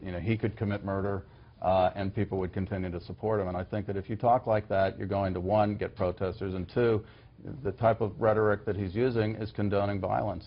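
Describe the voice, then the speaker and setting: Insistent male pundit, low voice. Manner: insistent, stammering restarts. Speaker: political strategist guest. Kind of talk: televised debate. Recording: dull broadcast audio.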